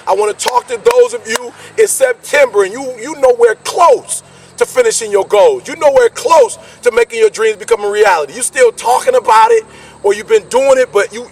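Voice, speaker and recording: Man preaching motivation with lots of energy, high voice, a bit far from the mic. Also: vocal fry, a little hiss or hum. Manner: energetic, preachy, repetitive call-and-response. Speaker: motivational speaker. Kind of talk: motivational speech.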